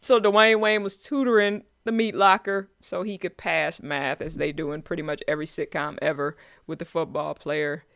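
A man co-hosting a podcast in casual chat, joking in slang and slipping into quick quoted voices. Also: a little high, fairly even intonation, gravelly, a bit bright, clear, resonant tone, no room sound, studio quality. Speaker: podcast co-host. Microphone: remote call.

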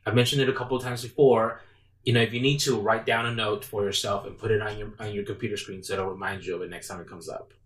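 Slow, measured man, distant and echoey. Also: fairly low pitch, steady tone, fairly bright tone. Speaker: podcast co-host. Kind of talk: casual chat. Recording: echoey room, mic at a distance.

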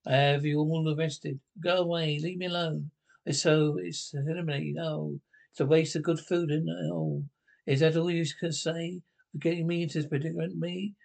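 A man with a gravelly voice speaking fussy, flustered dialogue in a 1970s period film comedy. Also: on the high side, flat delivery, normal speed, a little mellow.

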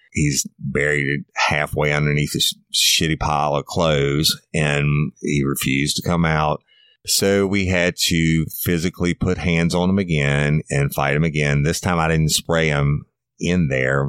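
Very deep-voiced man telling a police story. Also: fairly bright tone, smooth, no echo, studio quality. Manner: blunt, profane, laughs while telling. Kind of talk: casual storytelling.

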